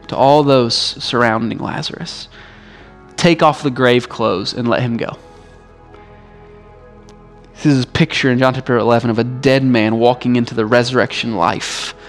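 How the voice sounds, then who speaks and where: A male pastor delivering a sermon in a relaxed, conversational way, often dropping in "like" as he speaks. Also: medium pitch. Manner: casual, conversational preaching with frequent "like".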